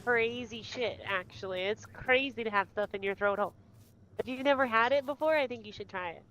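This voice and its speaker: A woman's voice: on the high side, fairly quick, fairly bright tone, rough recording. A woman streaming a game in casual chat, teasing and swearing a lot.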